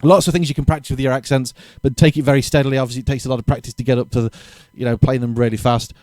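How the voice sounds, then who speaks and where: A man's voice: medium pitch, level tone, very fast, darkish tone, no room sound. A man giving a casual drum lesson, thinking aloud and correcting himself as he explains exercises. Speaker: drum teacher.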